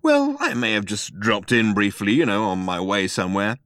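A man's voice: on the low side, sing-song, normal speed, fairly bright tone, no room sound, clean studio sound. A man reading aloud and voicing a brash, breezy two-headed alien man who gets flustered and evasive. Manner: casual and evasive, stammering when caught out.

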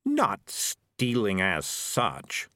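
A man's voice: lowish voice, wildly swooping pitch, very slow, bright, forceful tone, no room sound, full character voice. A man voicing a cheerful, scheming male talking cat with a wheedling, persuasive manner, in a dry close recording.

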